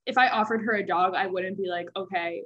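A woman's voice: mid-range voice, dull audio. Reactive woman podcast co-host. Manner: reactive, quick interjections and jokes. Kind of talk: casual chat.

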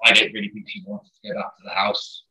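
A man's voice: lowish voice, completely flat delivery, fast, bright, forceful tone. A man co-hosting a podcast in casual chat, upbeat and jokey with hesitant starts. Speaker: podcast co-host. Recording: dull, roomy, distant mic.

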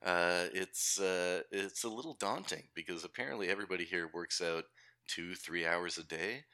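A man's voice: sits low, moderate pace, bright, forceful tone, clean tone, dry recording. A man with a Canadian accent, a podcast guest chatting casually, laughing often and restarting his sentences. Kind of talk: casual chat.

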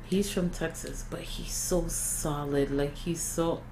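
A young woman, stoned, chatting on a podcast in a lazy, drawn-out way. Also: deep voice, steady tone, a little mellow, a little hiss or hum. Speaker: podcast co-host. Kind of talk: casual chat.

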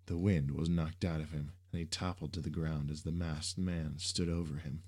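A man reading an action story aloud in steady scripted narration. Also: extremely low pitch, normal speed.

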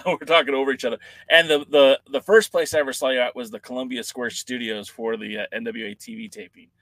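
A man hosting a podcast, asking rambling, halting questions in a casual chat. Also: mid-range voice, lively intonation, vocal fry, a bit bright, no room sound, rough recording. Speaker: podcast host. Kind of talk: casual interview.

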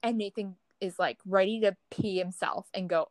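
A young woman co-hosting a podcast, chatting casually and telling an animated story, acting out quoted people with big pitch jumps. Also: moderate pace, dry recording, rough recording. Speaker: podcast co-host. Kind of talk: casual chat.

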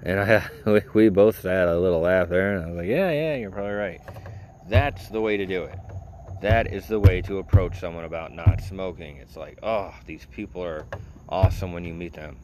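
A man's voice: low voice, normal speed, darkish tone, a little hiss or hum. A man in a casual vlog, rambling and sarcastic, full of "you know" as he tells a story. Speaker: vlogger. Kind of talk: casual rant.

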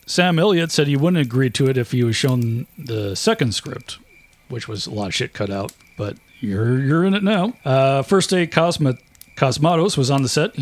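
A man hosting a casual podcast, relaxed and wry, retelling stories and mimicking the people in them. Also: medium pitch. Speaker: podcast host. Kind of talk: casual storytelling chat.

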